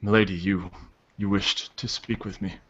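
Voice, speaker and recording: A man voicing a dutiful, secretive elf-raised warrior who speaks in a halting, earnest way. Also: low voice, little pitch movement, a bit bright. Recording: dull lo-fi recording.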